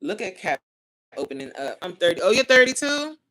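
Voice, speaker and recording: Brisk and fairly bright, this woman's mid-range voice swings widely in pitch. She runs a casual phone livestream, chatting as she reads out viewer comments. She complains about glitches when the stream cuts out.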